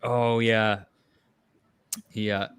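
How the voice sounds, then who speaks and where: A man's voice: fairly low pitch, level tone, drawn-out words, fairly bright tone, smooth, dry recording. A man hosting a casual movie chat, rambling with lots of fillers and restarts. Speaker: podcast host.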